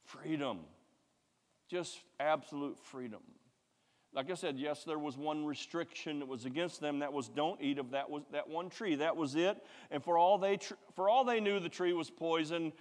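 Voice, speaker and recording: A man preaching a sermon, emphatic and repetitive, swinging from loud to hushed. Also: fairly high pitch, moderate pace. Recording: long hall reverb.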